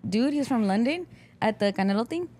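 A woman's voice: a little high, expressive, a little fast, warm tone. A young woman hosting a podcast, telling a story in casual chat and acting out the people she quotes. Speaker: podcast host.

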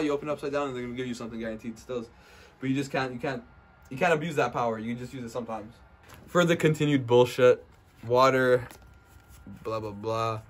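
A young man vlogging as he opens trading card packs indoors at a friend's house, casual and foul-mouthed, trash-talking and bursting into loud hype. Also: mid-range voice. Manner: profane, brash trash-talk; excitable, swings into loud hype. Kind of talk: casual unboxing commentary.

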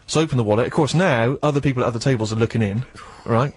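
A man hosting a radio show, telling a comic story in an animated, self-mocking way that jumps up into indignant squeaks. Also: rapid-fire, husky, no room sound. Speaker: radio host.

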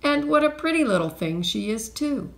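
A woman's voice: lively intonation, moderate pace, vocal fry. Storybook art thief, male, nervous and silly, quivery delivery; woman reader. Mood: mocking. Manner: quivery, rising pitch.

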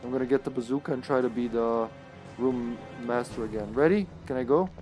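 A man's voice: mid-range voice, fairly quick, soft background music. Chatty man streaming a game. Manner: chatty, thinks aloud, laughs, sudden excited outbursts. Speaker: streamer playing online co-op. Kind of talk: live gameplay commentary.

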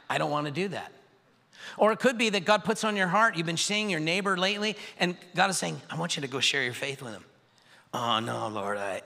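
Animated, bright-voiced male pastor preaching. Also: high-pitched, creaky, big-room sound. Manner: animated, acts out voices and quotes. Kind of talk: sermon. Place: large church sanctuary.

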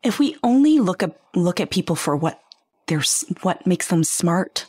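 A woman's voice: fairly low pitch, very animated, moderate pace, darkish tone, husky, dry recording, clean studio sound. A woman hosting a podcast, talking earnestly in a conversational way and posing rhetorical questions to the listener. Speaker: podcast host. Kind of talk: reflective podcast monologue.

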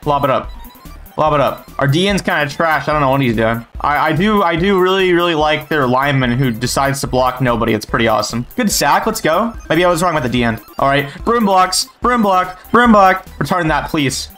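A man's voice: a little high, lively intonation, a little fast, a bit bright, faint music behind. A young man giving live commentary on his own football gameplay, bragging and joking as he trash-talks. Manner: boastful, joking trash talk. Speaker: gaming YouTuber.

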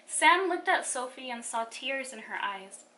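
A woman from a children's ministry reading a picture book aloud to children in an animated storytelling manner. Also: high voice, unhurried, a little hiss or hum.

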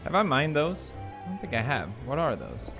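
A man giving let's play commentary while gaming, excitable, shrieking in panic and cursing. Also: on the high side, normal speed. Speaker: gaming video creator. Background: music.

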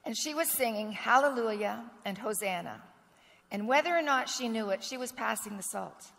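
A woman pastor preaching a sermon with earnest storytelling, clearing a rough throat now and then. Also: fairly high pitch, expressive, moderate pace, fairly bright tone. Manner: earnest storytelling, acts out quoted dialogue. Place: church sanctuary. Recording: long reverb of a church sanctuary.

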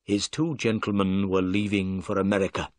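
A man voicing a confident, clever male detective who speaks in a brisk, assured way in a storybook reading. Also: sits low, flat delivery, no echo, studio quality, voice pushed down, natural voice.

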